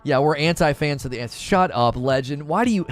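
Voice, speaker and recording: A man from the United States hosts a casual stream and reads chat messages aloud. His voice sits a little high and swings widely in pitch. He laughs often and trips over quick restarts, with faint music playing underneath. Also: animated. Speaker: streamer host reading chat.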